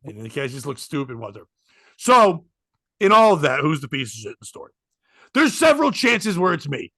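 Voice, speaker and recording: A man's voice: on the high side, fairly quick, no room sound, clean studio sound. A man telling comedy stories on a podcast, laughing often and acting out what people said. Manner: animated, laughs often, acts out quotes. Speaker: comedian guest. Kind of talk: casual podcast storytelling.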